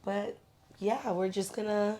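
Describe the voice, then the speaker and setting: A young woman co-hosting a podcast, talking casually in a relaxed, chatty way with lots of fillers. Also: mid-range voice, slow. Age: young adult. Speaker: podcast co-host. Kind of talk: casual chat.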